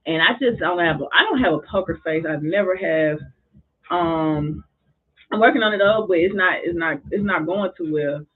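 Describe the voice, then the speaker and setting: A woman's voice: fairly low pitch, moderate pace, husky. A woman who works as a school drumming therapist and basketball coach, talking passionately and expressively in a casual podcast conversation. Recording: tinny phone-like sound.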